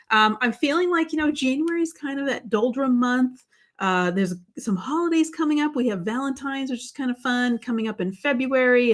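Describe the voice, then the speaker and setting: A middle-aged woman hosting a live craft stream, chatting casually and greeting viewers by name, with many fillers and restarts. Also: fairly high pitch. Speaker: livestream host.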